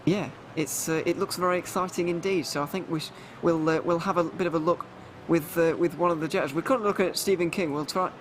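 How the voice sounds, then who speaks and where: A high-pitched man calls a sim race live with chatty, excitable energy. He laughs easily between race updates. Steady background noise sits under his voice. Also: fast talker. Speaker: race commentator. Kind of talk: live sim racing commentary.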